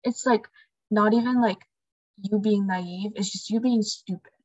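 On a dull, dry lo-fi mic with no room sound, a young female book discussion co-host chats casually, reading quotes from a book between frequent "um"s and "like"s. Her medium-pitched voice is steady, unhurried, slightly mellow, with a breathy edge.

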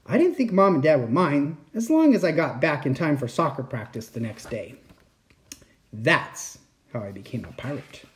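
Man reading a bedtime story aloud, lively pitch, expressive. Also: moderate pace. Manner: expressive, animated.

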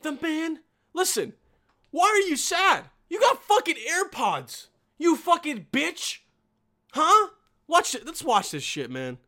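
A man tears into the clips he is watching in a foul-mouthed, exasperated rant, his voice bright and tense. He keeps breaking into outraged yelling as a reaction-video host, never calming down for long. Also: very high-pitched, slow. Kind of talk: profane comedic reaction rant.

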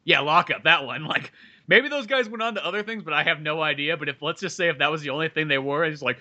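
A man's voice: a little high, quick pace, sharp tone, lo-fi sound. A man in a casual podcast conversation, talking loosely with many fillers, laughing and swearing. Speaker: podcast co-host or guest. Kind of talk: casual chat.

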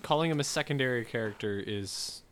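A man's voice: mid-range voice, a little fast, fairly bright tone. A man co-hosting a casual chat show, making dry, wry remarks. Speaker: podcast co-host.

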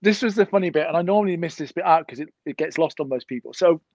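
A middle-aged man, a podcast guest, telling a lively story full of swearing and acted-out dialogue. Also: on the high side, fast, no echo, dull audio. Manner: lively anecdotal storyteller who swears freely and acts out dialogue. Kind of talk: casual storytelling.

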